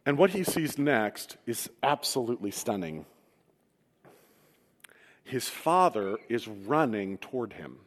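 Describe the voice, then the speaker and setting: A male pastor tells a story from the pulpit, mixing vivid retelling with joking asides. His voice sits at an ordinary middle pitch. The sound rings with the long reverb of a large hall. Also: big pitch swings, slow pace, pauses often. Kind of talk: sermon.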